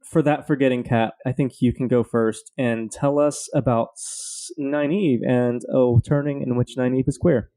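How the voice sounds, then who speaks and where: A man's voice: medium pitch, fairly even intonation, normal speed, few pauses, mellow. A man from Louisiana with a Southern accent, co-hosting a podcast, reading a scripted intro and then bantering in a playfully defiant way. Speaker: podcast co-host.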